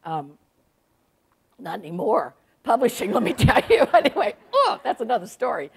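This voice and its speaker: A woman's voice: fairly high pitch, sing-song, moderate pace, gravelly, husky. A woman, an author telling funny stories to a library audience in a chatty, self-mocking way. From South Carolina. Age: 60s. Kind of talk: humorous storytelling talk to an audience. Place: public library event.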